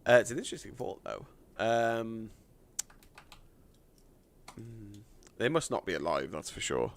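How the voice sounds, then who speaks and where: A man chatting on a live game stream, thanking donors with lots of fillers, a little hoarse from losing his voice. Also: fairly low pitch, sing-song, a little slow, slight background noise.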